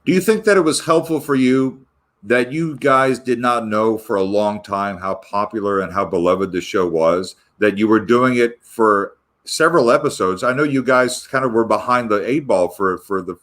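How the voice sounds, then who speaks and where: A man's voice: lowish voice, normal speed, fairly bright tone. Man asking long, winding interview questions.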